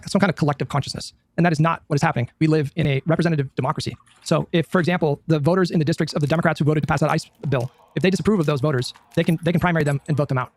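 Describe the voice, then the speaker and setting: Rapid gravelly man arguing. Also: on the high side, no room sound. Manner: emphatic, rapid, repeats words. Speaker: podcast panelist. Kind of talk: heated podcast debate.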